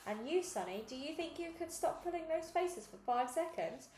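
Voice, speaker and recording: A woman's voice: sits high, lively intonation, normal speed, darkish tone, echoey room, a little hiss or hum, pitched above the performer's own voice. A woman reading aloud, voicing a pushy, dismissive male TV director who calls children sweetie. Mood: brisk.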